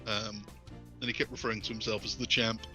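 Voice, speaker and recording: A man's voice: lowish voice, quick pace, soft background music. A man from the UK co-hosting a podcast, telling stories in casual chat and laughing often. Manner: animated storyteller, laughs often. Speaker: podcast co-host.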